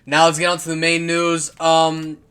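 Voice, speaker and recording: A man's voice: on the high side, completely flat delivery, normal speed, a bit bright, clear, resonant tone. Rambling, profane man talking football. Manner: rambling, profane, laughing, with many fillers and restarts. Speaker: football commentary vlogger. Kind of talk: casual football commentary over clips.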